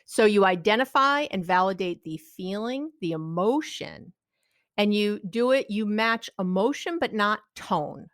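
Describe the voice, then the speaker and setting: A middle-aged woman speaking as a guest expert in an interview, explaining her ideas in an animated way and acting out the people she quotes. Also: unhurried, no room sound, clean studio sound. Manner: acts out quoted people with big pitch jumps. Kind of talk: animated advice-giving interview talk.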